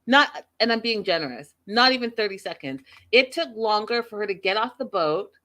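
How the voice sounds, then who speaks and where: A woman hosting a casual recap of a reality show, chatting in an animated, gossipy storytelling way. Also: mid-range voice, normal speed. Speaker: show host.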